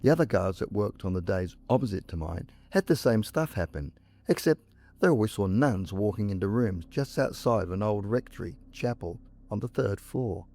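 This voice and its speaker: Low-voiced man narrating ghost stories. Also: expressive, gravelly, mellow. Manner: measured, dramatic pauses. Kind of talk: scripted ghost story narration.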